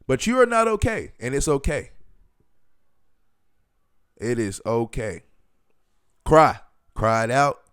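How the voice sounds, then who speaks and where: A man hosting a solo podcast, talking loosely and emphatically, with many fillers and sudden bursts of excitement. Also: medium pitch, slow pace, pauses often, clear, resonant tone, dry recording, studio quality. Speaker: podcast host.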